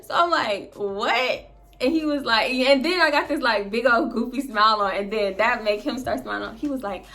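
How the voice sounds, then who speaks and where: A young woman vlogger casually telling a story to her viewers, animated and slangy, swearing freely. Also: on the high side, normal speed.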